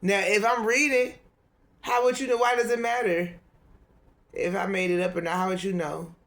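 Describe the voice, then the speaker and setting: A woman's voice: medium pitch, fairly even intonation, normal speed. Woman, tarot reader, rambling chat, salty language, easy laughs. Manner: profane, loose, laughs often. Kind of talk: casual rambling monologue.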